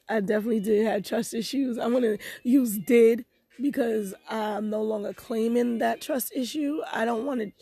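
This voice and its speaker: Chatty woman podcaster with a husky voice. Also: fairly high pitch. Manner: chatty, animated, giggly, addresses listeners as "y'all". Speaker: podcast host. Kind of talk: casual personal talk to listeners.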